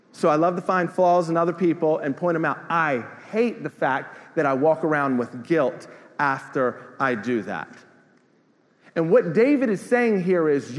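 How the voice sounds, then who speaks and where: Middle-aged male pastor, sermon delivery with call-and-response, echoing church hall. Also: on the high side. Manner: preaching with call-and-response asides to the congregation; repeats words and restarts, swings between loud declarations and quieter storytelling. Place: large church sanctuary. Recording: long hall reverb in a church.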